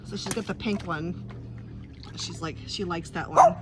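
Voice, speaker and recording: A woman's voice: on the low side, a little slow, a crowd in the background. A woman chatting casually on a phone live stream outdoors by a pool, rambling and teasing her dogs. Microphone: handheld phone. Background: dogs barking.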